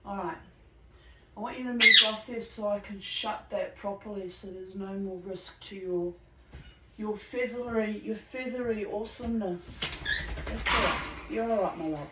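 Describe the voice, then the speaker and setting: A woman's voice: mid-range voice, normal speed, roomy sound, heavy background noise. A woman reading aloud at home in a casual, frank way that is full of swearing, with pet birds around her. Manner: frank and earthy, swears freely. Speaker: channel host reading aloud.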